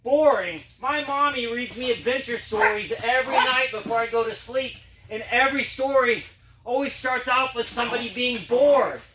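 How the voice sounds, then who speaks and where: A man's voice: extremely high pitch, normal speed. A man voicing a curious little puppy who loves adventure, talking in an eager, wide-eyed way in a told story. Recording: roomy, distant mic, background noise.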